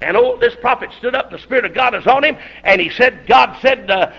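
A middle-aged man preaching a fiery, folksy sermon that breaks into shouting bursts, heard on a dull lo-fi recording. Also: very high-pitched, fairly quick, creaky.

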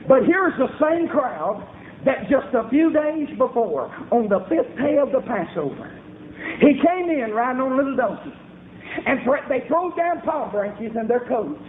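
A man preaching a revival sermon with fervent, rhythmic shouting bursts. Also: very high voice, big pitch swings, measured pace, slight background noise. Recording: echoey room over a tinny phone-like line.

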